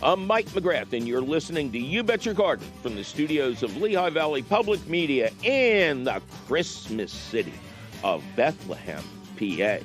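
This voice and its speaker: Lively joking male radio host. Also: a little high, moderate pace, faint music behind. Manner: lively, jokey storyteller. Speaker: radio garden show host. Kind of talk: call-in radio chat.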